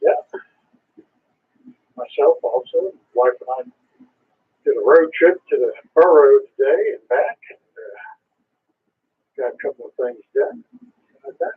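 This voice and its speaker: A man checking in to an amateur radio net, chatting in a relaxed, conversational way. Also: a little high, takes it slowly, pauses often, breathy edge. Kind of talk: ham radio net chat. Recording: thin phone-like radio transmission.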